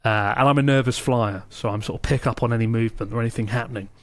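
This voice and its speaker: A man's voice: medium pitch, quick pace, no room sound. Chatty man on a dry podcast mic. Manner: relaxed, chatty, wry. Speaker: podcast co-host reading listener questions. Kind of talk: casual podcast chat.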